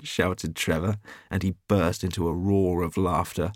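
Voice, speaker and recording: A man narrating a classic story in a measured, even way. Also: deep voice, dry recording, studio quality. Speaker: audiobook reader. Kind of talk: scripted narration.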